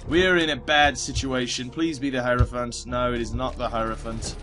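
A man giving casual gameplay commentary, rambling and self-mocking, cursing at the game and slipping into a put-on British accent at times. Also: mid-range voice. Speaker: let's play commentator.

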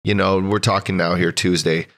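A man's voice: low voice, little pitch movement, normal speed, fairly bright tone. A man from Edmonton co-hosting a podcast, chatting casually with enthusiasm and plenty of swearing. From Edmonton, Canada. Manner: swearing, enthusiastic, thanks people. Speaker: podcast co-host. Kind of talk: casual chat.

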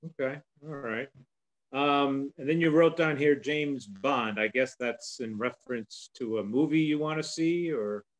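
A man playing a therapist in a comedy sketch, speaking slowly and hesitantly as he reads from his notes. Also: mid-range voice, low-quality recording. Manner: slow, hesitant, reading from notes.

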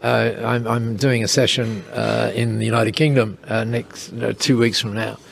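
Gravelly man spinning a yarn. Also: mid-range voice, a little hiss or hum. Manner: lively, chuckling, quick asides. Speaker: interview guest, storyteller. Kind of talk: casual anecdotal storytelling.

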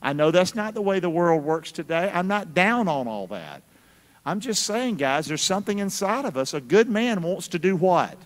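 A man's voice: high voice, a bit bright. A male pastor preaching a sermon with call-and-response, folksy and teasing with his congregation. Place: church sanctuary. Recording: church hall reverb.

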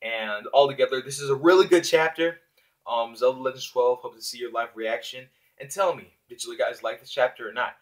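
A man casually reviewing a manga chapter on his channel, excitable and rambling. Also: mid-range voice, a little fast. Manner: excitable, lots of fillers and restarts.

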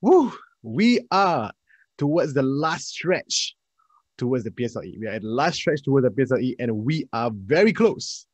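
A man, an energetic, chatty math tutor leading a live online class and addressing his students directly. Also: medium pitch, moderate pace, no room sound.

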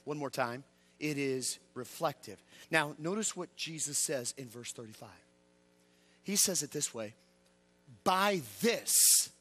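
A male evangelist delivering a revival sermon in a church, with a high, bright, forceful voice. He swings from loud high exclamations down to low quiet asides, with lively swings in pitch, and keeps calling out questions for the congregation to answer. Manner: call-and-response with the congregation. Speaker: evangelist preacher.

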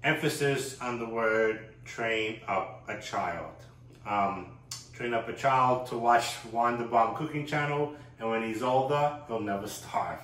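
A man's voice: medium pitch, unhurried, fairly bright tone, reverberant. An older man hosting a casual cooking vlog, upbeat, playful and chatty, talking from a home kitchen. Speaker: cooking channel host.

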